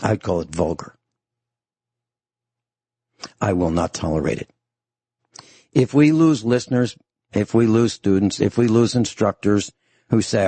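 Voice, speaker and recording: A man's voice: lowish voice, unhurried, pauses often, mellow, breathy edge, dry recording. A man hosting a radio talk show from a studio mic, lecturing sternly and emphatically and repeating his points.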